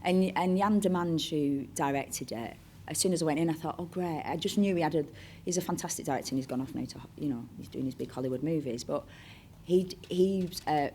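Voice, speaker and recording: A woman's voice: low-pitched, a little fast, mellow, slight background noise. A woman with a Bolton accent, a chatty, digressive storyteller who acts out the voices of people she is quoting in an onstage interview. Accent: Northern English, Bolton. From Bolton, Northern England. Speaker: actress, interview guest. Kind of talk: onstage interview, anecdotal chat.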